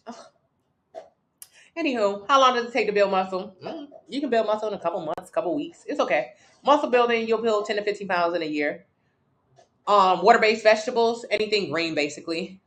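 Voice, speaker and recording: A woman's voice: mid-range voice, lively intonation, fairly quick. A woman from Miami hosting a casual livestream from her couch, talking bluntly and profanely while answering viewer comments. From Miami, Florida. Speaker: livestream host.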